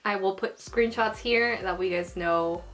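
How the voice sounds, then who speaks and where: A young woman talking casually to her viewers, gushing and rambling with lots of fillers as she shares her excitement. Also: mid-range voice, normal speed, soft background music. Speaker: anime vlogger. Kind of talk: casual fan commentary vlog.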